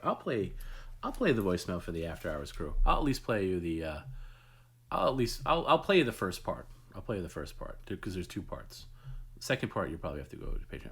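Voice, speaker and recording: A man's voice: sits low, very animated, a little fast, pauses often, fairly bright tone. A man hosting a live stream, chatting casually and rambling with many restarts. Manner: rambling, repeats himself, restarts. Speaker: host.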